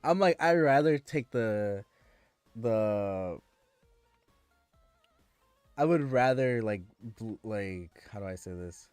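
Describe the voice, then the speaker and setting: A man's voice: lowish voice, expressive, slow, pauses often, darkish tone, clear, resonant tone, no room sound, faint music behind. A man streaming and chatting casually with viewers, ranting in an exasperated way and often restarting his sentences.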